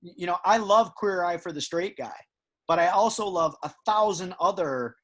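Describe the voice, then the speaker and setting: A man's voice: high-pitched, normal speed. A man hosting a casual podcast chat, rambling and emphatic with many restarts. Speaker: podcast host. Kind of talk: casual conversation.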